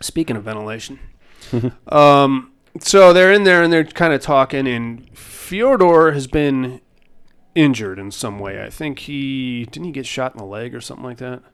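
A man talks through a film in a loose, rambling way, tossing in casual swearing as he goes. His voice is smooth and clean, sitting at an ordinary middle pitch for a man. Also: animated, normal speed, a bit bright. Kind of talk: casual movie recap chat.

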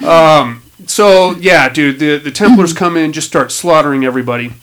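A man's voice: on the high side, moderate pace. A man casually recapping a film plot with lots of swearing, acting out lines from the story. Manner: animated, swearing, acting out quotes. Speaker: podcast host recapping a film. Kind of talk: casual profane movie recap chat.

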